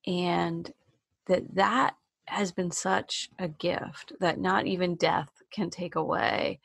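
A woman interviewer speaking slowly and gently, thoughtful, often pausing and restarting. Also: fairly low pitch, fairly even intonation, creaky, husky, dry recording. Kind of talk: personal interview.

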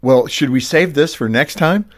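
A man's voice: fairly high pitch, moderate pace. A man hosting a radio interview, affirming his guest with short replies and steering the talk. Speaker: radio show host. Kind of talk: conversational interview.

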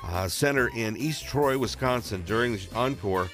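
A man's voice: mid-range voice, normal speed, soft background music. A man co-hosting a radio show, chatting casually and cutting in with short agreements. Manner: relaxed, interjecting with short agreements.

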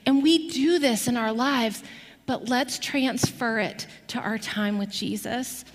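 A woman preaching a sermon, telling a story with lively rhetorical questions to her listeners. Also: fairly high pitch, slow pace, in a large hall.

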